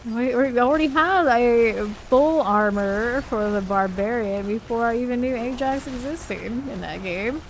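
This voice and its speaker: A woman streams a video game and chats casually with her viewers, reading the chat aloud and laughing often. Her voice is a little high and a little slow, with hardly any pauses. A slight hiss or hum sits under the recording.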